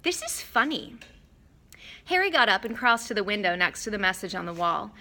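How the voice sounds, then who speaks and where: A woman with a medium-pitched voice narrates an audiobook from a script. Her storytelling is measured and expressive.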